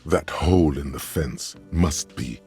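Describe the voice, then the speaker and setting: A sardonic game narrator a very deep, gravelly voice, dropping dry, deadpan asides. Faint game music sits under him. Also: male voice, a little slow, full character voice. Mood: wry.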